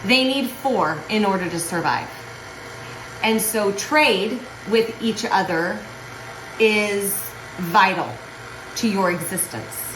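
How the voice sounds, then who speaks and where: A woman's voice: fairly high pitch, a bit bright, a little hiss or hum. Chatty self-deprecating woman cooking in an echoey kitchen. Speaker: author and home cook. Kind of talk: casual cooking vlog. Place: home kitchen.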